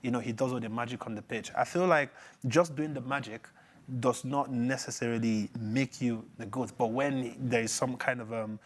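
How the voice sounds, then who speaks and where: A man's voice: medium pitch, fairly even intonation, normal speed. A man co-hosting a football talk show, joking and teasing, then giving his opinions in casual chat. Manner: playful, teasing, laughs often. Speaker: co-host.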